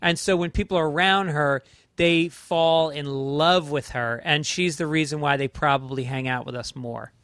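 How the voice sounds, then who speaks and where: A man as a comedian guest in casual chat, thinking out loud and correcting himself. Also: on the high side, fairly even intonation, moderate pace, dry recording, studio quality. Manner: thoughtful, correcting himself as he talks.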